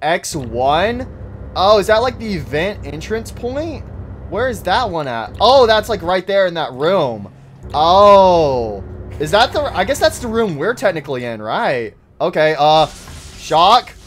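A man giving excitable live commentary as he plays a horror game, talking straight to the characters. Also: high-pitched, measured pace, a little hiss or hum. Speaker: gaming YouTuber. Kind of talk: live let's-play commentary.

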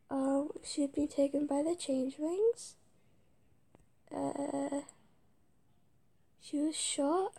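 A woman playing a video game, reading its text aloud haltingly and muttering whispered asides between stumbles. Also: high-pitched, creaky, mellow. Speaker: let's-play gamer.

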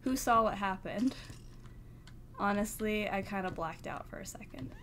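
A gaming channel host plays a horror game in a let's play, jumpy and nervous, laughing through the scares and chatting with her viewers. Her voice is mid-range at normal speed, with background noise audible.

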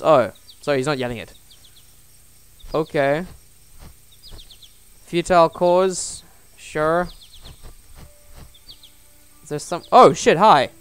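A man casually commenting on a story game as he plays, reading its text aloud, swearing and yelling at characters. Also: on the high side, takes it slowly, pauses often, smooth, no room sound. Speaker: gaming channel host. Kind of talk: let's play commentary.

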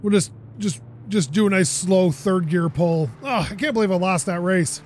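Running a let's play on his gaming channel, a man talks to himself in a high voice at a moderate pace. He stays animated, swears when frustrated, and there's a bit of hiss or hum in the recording.

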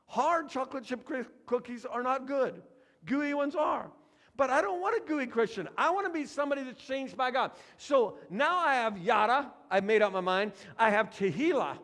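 A man's voice: sits high, a bit bright. A man preaching a sermon as pastor, emphatic and repetitive, calling on the congregation to answer back. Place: church sanctuary. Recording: reverberant church sanctuary.

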